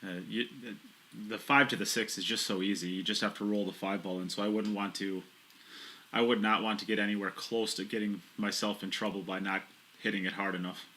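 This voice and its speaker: A man from Wisconsin co-hosting pool commentary, joking with frequent halting restarts. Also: on the low side, level tone, bright, forceful tone. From Wisconsin, USA. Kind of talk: live sports commentary.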